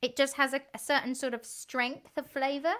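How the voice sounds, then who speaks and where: A woman's voice: high-pitched, little pitch movement, normal speed, fairly bright tone. A woman co-hosting a home music stream in casual chat, giggly and a bit bashful, reading a beer label aloud.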